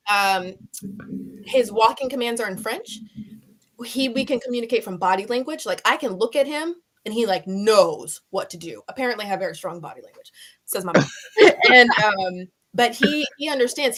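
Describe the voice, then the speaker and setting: Animated, expressive woman guest. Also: on the high side. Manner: animated, expressive, laughs easily. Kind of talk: interview conversation.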